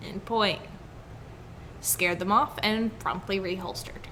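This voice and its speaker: Bright, chatty young woman podcaster. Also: medium pitch, steady tone, slow pace, slight background noise. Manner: chatty, laughs often, storytelling. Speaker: podcast co-host, news segment host. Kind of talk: casual podcast chat and news retelling.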